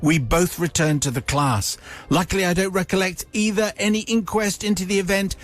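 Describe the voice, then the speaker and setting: A radio host, a man, reading a listener's funny letter aloud in a lively, playful storytelling manner. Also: high voice, normal speed. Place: radio studio.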